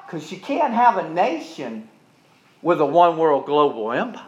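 A male pastor preaching a sermon, telling stories dramatically and swinging between loud and hushed delivery. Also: high voice, very animated, a little slow. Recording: dull lo-fi recording.

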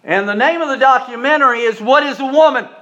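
A male pastor preaching a sermon, telling stories dramatically and swinging between loud and hushed delivery. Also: very high voice, quick pace. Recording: dull lo-fi recording.

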